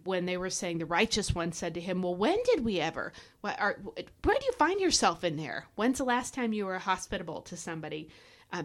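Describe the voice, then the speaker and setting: Fervent woman preaching on a podcast. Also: medium pitch. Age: adult parent. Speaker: podcast host. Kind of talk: devotional Bible teaching podcast.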